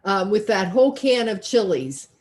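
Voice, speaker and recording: A woman's voice: medium pitch, sing-song, moderate pace, darkish tone. A woman teaching a cooking class over a video call, chatty and folksy, thinking aloud as she works. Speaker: cooking instructor.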